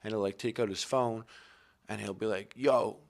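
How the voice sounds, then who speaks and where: A Canadian man, a podcast guest, chatting casually and acting out gruff exchanges as he tells stories. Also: on the low side, steady tone, a little fast, a little mellow. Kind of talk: casual chat.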